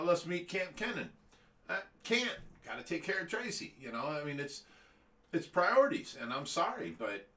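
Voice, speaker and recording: A man's voice: mid-range voice, fairly bright tone, reverberant. A middle-aged man hosting a casual livestream, rambling and laughing often. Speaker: host.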